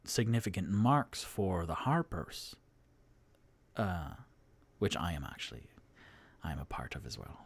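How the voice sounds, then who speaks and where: A man voicing a courteous young nobleman who speaks softly and politely, with halting restarts. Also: deep voice, voice pushed down.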